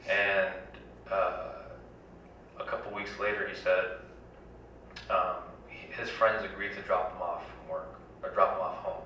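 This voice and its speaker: A man's voice: low-pitched, flat delivery, measured pace, pushed and bright, slight background noise. A man giving an earnest, rallying town hall campaign speech, stacking repeated phrases, in a community center hall. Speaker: congressional candidate. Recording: echoey hall, dull lo-fi, from far off.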